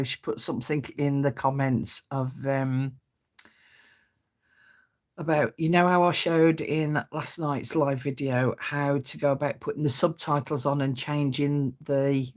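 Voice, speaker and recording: A woman's voice: rumbling low, fairly even intonation, measured pace, a little mellow. A woman, hosting a crafting livestream in a homely, chatty way and greeting viewers by name. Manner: chatty, homely, reads out and chuckles at comments. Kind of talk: casual live-stream chat greeting viewers.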